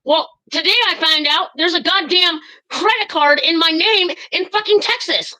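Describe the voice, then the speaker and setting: A woman's voice: extremely high pitch, moderate pace, bright, forceful tone, low-quality recording. A woman calling into a live stream, furious and swearing, rambling with many fillers as she tells what happened to her. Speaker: caller. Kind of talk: angry live-stream call.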